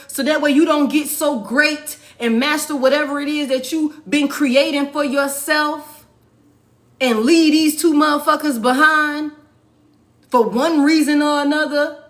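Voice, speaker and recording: A woman's voice: sits high, fairly even intonation, measured pace, a bit bright. A woman giving a casual tarot reading, blunt and profane, repeating lines for emphasis. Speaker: tarot reader.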